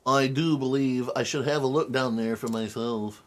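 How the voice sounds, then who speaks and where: A man's voice: medium pitch, moderate pace, natural voice. A man voicing a pompous, wordy male scholar detective, reading game dialogue aloud in a formal, lecturing manner.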